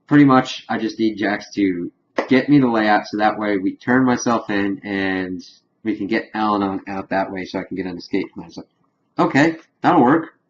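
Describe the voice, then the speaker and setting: A man's voice: fairly low pitch, steady tone, normal speed, dull audio, slight background noise. A man giving a casual spoiler recap review of a TV episode, loosely retelling scenes with "he's like" quotes and fillers. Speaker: TV show reviewer.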